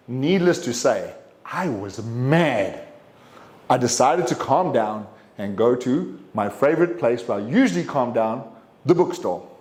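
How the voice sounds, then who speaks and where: A middle-aged man giving a prepared speech at a club meeting, telling a personal story and acting out what people said. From English-speaking country, living in Taiwan. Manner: animated storyteller, acts out quotes with sharp jumps in pitch. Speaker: club speaker. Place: meeting room. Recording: echoey meeting room.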